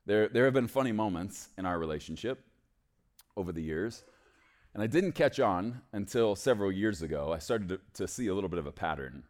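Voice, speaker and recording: Male preacher, deep voice; emphatic bursts alternating with quiet, intimate storytelling. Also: animated, fairly quick. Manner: swings from loud emphatic declarations to soft, hushed storytelling. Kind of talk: sermon.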